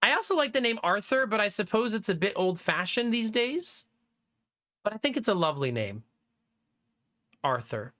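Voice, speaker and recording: A man's voice: high voice, sing-song, a little fast, bright, forceful tone. A man in his thirties, a livestreamer chatting casually with viewers, reading chat aloud and laughing often.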